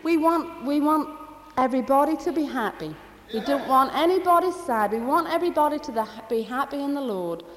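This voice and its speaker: A woman's voice: sits high, lively intonation, brisk. Fervent woman in a reverberant hall. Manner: rambling, fervent, with many restarts. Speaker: testifying church member. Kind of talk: spoken testimony at a church meeting.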